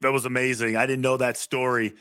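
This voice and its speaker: A man's voice: mid-range voice, flat delivery, brisk, bright, forceful tone, clean tone. A man in his forties hosting a casual interview and asking his guest chatty, eager questions. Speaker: podcast host, former football player.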